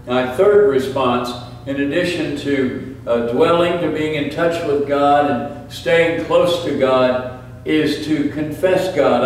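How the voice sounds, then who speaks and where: An older man preaching a sermon in a church, measured and explanatory, pausing often with "uh". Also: medium pitch. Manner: measured, explanatory, with frequent "uh" pauses. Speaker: pastor. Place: church sanctuary. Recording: echoey church from far off, faint background hiss.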